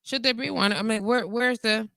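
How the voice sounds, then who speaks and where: A woman's voice: a little high, normal speed, dry recording. A woman, hosting a casual live call-in show and talking candidly, with frequent laughter. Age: 40s. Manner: candid, animated, laughs often, reads comments aloud. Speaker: internet radio talk show host.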